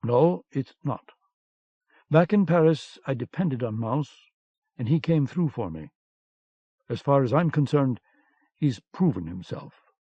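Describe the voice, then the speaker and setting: A man reading an audiobook, voicing a calm, determined male agent in a firm, steady manner, on a dull lo-fi cassette recording. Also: mid-range voice, a little slow, long pauses, slightly rough, dry recording.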